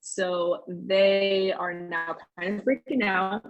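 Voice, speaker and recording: A woman's voice: mid-range voice, level tone, takes it slowly, muffled recording. A young woman, a podcast guest, telling a personal story in earnest, rambling conversation and acting out the lines people said.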